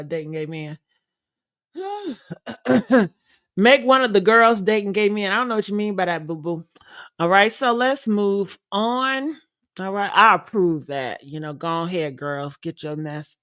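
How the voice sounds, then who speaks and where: A woman's voice: lowish voice, lively intonation, unhurried, a bit bright, no echo. A woman hosts a gossip talk show in an easy, chatty manner, keeping things loose with plenty of "you know." Her voice is recorded close and dry, with no room sound around it. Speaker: podcast host. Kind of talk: casual gossip commentary.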